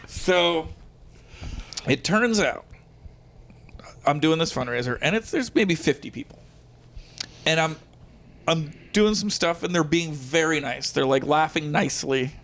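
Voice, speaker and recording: A man, a comedian and guest, telling a story in casual conversation, animated and quick to laugh, acting out bits of dialogue. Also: on the high side. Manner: animated, breaks into laughter, acts out lines of dialogue.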